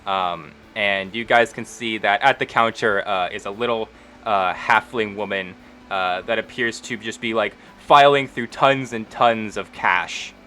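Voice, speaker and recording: A man narrating a tabletop role-playing session as game master. His voice is bright and forward, and he talks in a loose, casual way full of ums and likes. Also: lowish voice, measured pace, slight background noise.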